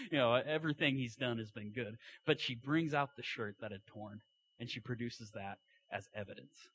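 A man's voice: mid-range voice, normal speed, a bit bright, breathy edge. A man preaching a sermon, retelling a story in a folksy way with asides and acted-out quotes.

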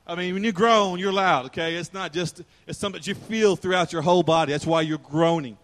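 A man's voice: high-pitched, fairly quick, a bit bright. A man preaching a sermon as pastor, emotional and rising to fervent preaching.

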